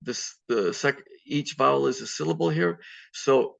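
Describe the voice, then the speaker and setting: Gravelly-voiced man teaching over a video call. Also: medium pitch, measured pace, fairly bright tone. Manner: patient, step-by-step explaining with many ums. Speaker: Spanish teacher. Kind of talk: online class lecture. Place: home at computer on video call. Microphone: video call mic. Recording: dull lo-fi video call audio.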